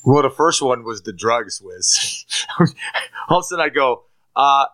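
A man's voice: mid-range voice, a little slow. A man from Turkey giving a personal faith testimony as a guest, acting out his own past lines and restarting often with repeated words. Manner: animated storyteller who acts out his own past lines; frequent repeated-word restarts.

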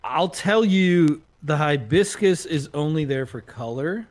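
A man's voice: a little high, lively intonation. A man co-hosting a podcast, chatting casually over beers, cursing often and laughing easily. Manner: profane, joking, quick laughs. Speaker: podcast co-host.

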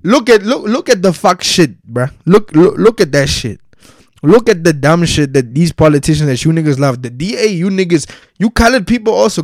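Young South African guy, casual solo rant, cursing freely, slightly high voice, dry close recording. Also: dry recording. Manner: profane, heated, slangy rant. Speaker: commentator.

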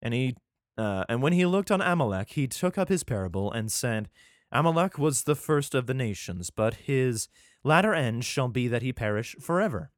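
Irreverent man with a lively voice. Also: mid-range voice, moderate pace, no echo, clean studio sound. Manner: irreverent, profane asides, stumbles over words. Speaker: podcast host. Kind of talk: casual scripture reading with commentary.

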